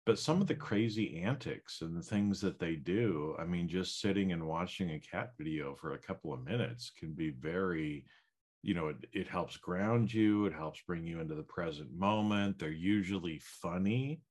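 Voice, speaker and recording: Very deep-voiced man co-host. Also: moderate pace, a little mellow. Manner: reflective, rambling, many fillers. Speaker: podcast co-host. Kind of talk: casual chat.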